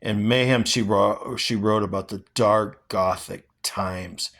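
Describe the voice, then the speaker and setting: A man's voice: fairly low pitch, fairly even intonation, slow pace, a bit bright. Earnest, rambling man reflecting aloud. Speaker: vlogger. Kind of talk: reading aloud, then personal reflection.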